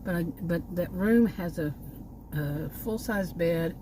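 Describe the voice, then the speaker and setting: A woman's voice: on the low side, slow pace, mellow, slight background noise, low-quality recording. An older woman rambling in a casual home vlog, cynical and often out of breath, with many restarts. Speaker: vlogger.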